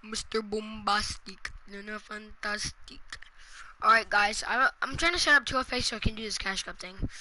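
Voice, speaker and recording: A young male streamer chatting casually while playing an online game, quick to swear and rage. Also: high-pitched, a little hiss or hum, low-quality recording. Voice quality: excitable, swears casually, talks to chat. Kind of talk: casual gaming stream chat.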